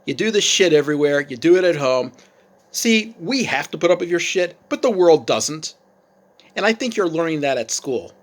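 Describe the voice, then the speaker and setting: A man's voice: on the high side, sing-song, fairly quick, hardly any pauses, voice pushed up. A man voicing a stern father warning his teenage daughter.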